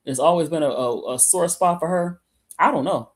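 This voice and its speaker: A woman's voice: sits low, moderate pace. A woman from Michigan co-hosting a casual sports chat, rambling and restarting often, speaking from a computer away from her mic. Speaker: sports podcast co-host. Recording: remote call audio, from off-mic.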